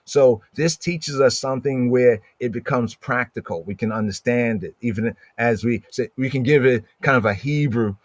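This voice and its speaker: A man's voice: medium pitch, no room sound. Man teaching scripture, dry close sound. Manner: conversational, keeps asking "right?", reads verses aloud slowly. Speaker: Bible teacher.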